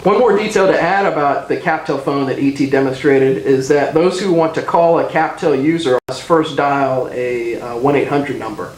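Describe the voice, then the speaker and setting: A man's voice: mid-range voice, reverberant, slight background noise. A man co-hosting a TV show, adding details and announcements for viewers in an informative way. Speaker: co-host.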